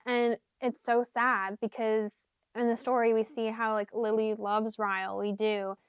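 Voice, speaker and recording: A woman's voice: a little high, flat delivery, unhurried, smooth, no echo. A young woman talking casually about books and songs for her vlog, rambling with lots of fillers and sometimes half-singing lyrics. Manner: chatty, rambling, many fillers and "like"s. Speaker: book vlogger. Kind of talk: casual chat.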